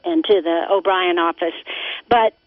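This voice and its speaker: A woman's voice: on the low side, measured pace, no echo. A woman calling in to a radio show, telling her story in a chatty, earnest way. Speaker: caller. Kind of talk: phone-in conversation. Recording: tinny dry phone line.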